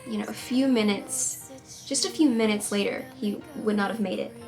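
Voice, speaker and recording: A woman tells a painful personal story to camera, tearful and on the edge of crying, in halting, rambling sentences full of restarts. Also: medium pitch, a little mellow, faint music behind. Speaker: singer-songwriter vlogger.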